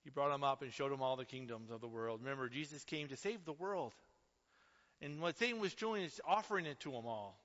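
A man preaching a sermon with passion, swinging between loud declarations and hushed asides. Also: medium pitch, a little fast. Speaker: pastor. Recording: reverberant hall, dull lo-fi sound.

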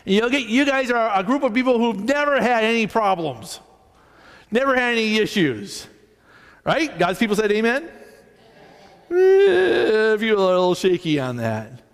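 A male pastor preaching a sermon, animated as he tells stories and acts out both sides of conversations. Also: extremely high pitch, normal speed, big-room sound. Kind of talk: sermon with storytelling.

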